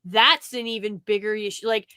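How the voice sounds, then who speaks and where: A woman's voice: medium pitch, moderate pace, clean tone, no echo, studio quality. Rambling woman chatting on a call. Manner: rambling, many restarts and fillers; quotes others in animated retellings. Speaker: podcast guest. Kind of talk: casual chat.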